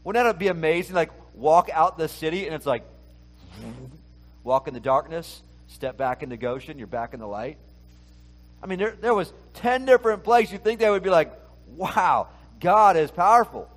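A male pastor with a slightly high voice preaches a conversational sermon at a moderate pace. He talks casually and poses many rhetorical questions to his listeners.

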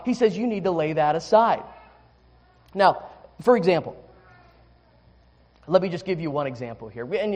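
A male pastor with a notably high, light voice delivers a sermon in a candid, conversational way. He stumbles through restarts and fillers while telling a personal story, then settles into teaching. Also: darkish tone, muffled recording.

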